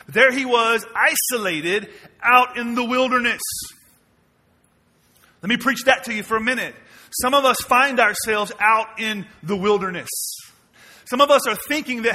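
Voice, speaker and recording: Bright-voiced pastor in his forties. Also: moderate pace. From Mississippi, US. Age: 40s. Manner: swings from quiet and low to loud and emphatic, asks the church questions. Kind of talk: sermon. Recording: long reverb of a large hall.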